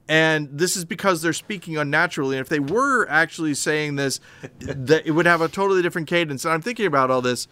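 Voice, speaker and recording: A man co-hosting a podcast in casual chat, explaining at length in an animated, rambling way with many restarts. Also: fairly high pitch, clean tone, no echo. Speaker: podcast co-host.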